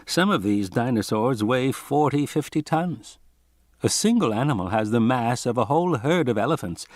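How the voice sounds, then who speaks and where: Male reader as a cool, quietly reasoning scholar in an audiobook. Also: medium pitch, lively intonation, no room sound, clean studio sound, lightly acted. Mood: measured. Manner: measured, quiet and explanatory. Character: calm, detached male mathematician.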